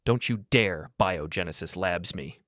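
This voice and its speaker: A man voicing an adult woman who is sharp, panicked and furious. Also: low voice, lively intonation, brisk, dry recording, studio quality.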